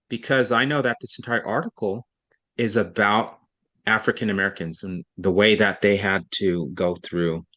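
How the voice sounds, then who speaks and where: A man's voice: lowish voice, a bit bright. A man tutoring a student in reading over an online session, explaining step by step in a patient, thinking-aloud way with frequent self-corrections.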